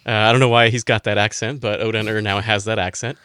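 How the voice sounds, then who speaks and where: A man co-hosts a podcast chat in a bright, forward voice, gushing and acting out little quotes as he goes. The recording is dry and close. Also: lowish voice, brisk, dry recording. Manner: gushing, acts out quotes, laughs often. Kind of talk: casual roundtable chat.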